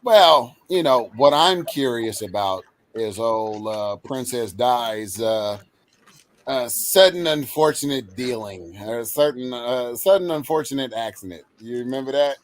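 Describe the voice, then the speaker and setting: A man's voice: mid-range voice, a little slow. A man co-hosting a podcast in casual chat, joking crudely with a drawl. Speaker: podcast co-host.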